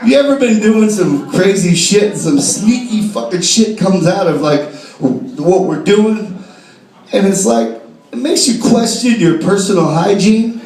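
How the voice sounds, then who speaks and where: A man doing a live stand-up routine on a bar stage, profane and animated, shouting his punchlines. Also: sits high, measured pace. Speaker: stand-up comedian. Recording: echoey bar, distant mic, loud crowd laughter.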